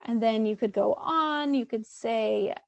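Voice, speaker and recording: A woman's voice: fairly high pitch, measured pace, gravelly, dry recording. A woman therapist presenting a webinar in a loose, conversational way, with many fillers and restarts.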